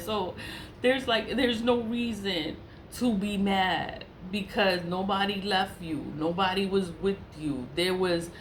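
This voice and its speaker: A woman telling a personal story in casual talk, animated and exasperated, repeating her phrases and laughing between lines. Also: mid-range voice, slow. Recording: echoey room with faint hiss.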